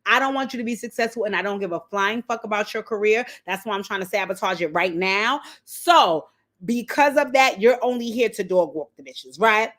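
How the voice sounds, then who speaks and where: A woman casually recapping a reality show, telling the story with lively quoted voices and blunt slang. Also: mid-range voice, brisk. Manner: animated storytelling, acting out quotes.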